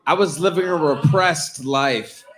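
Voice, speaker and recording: A man's voice: on the high side, a little slow, a bit bright. A man at a live bar-venue interview, speaking in an earnest, self-mocking, confessional way. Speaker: reality TV guest. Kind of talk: live stage interview, candid banter. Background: audience crowd.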